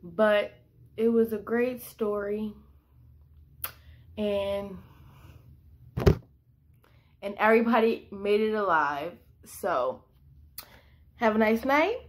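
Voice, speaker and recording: A woman's voice: medium pitch, very slow, long pauses. A young woman vlogging a casual storytime, talking animatedly with lots of filler words and quoting herself. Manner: animated, quotes herself in bursts; heavy use of "like" fillers.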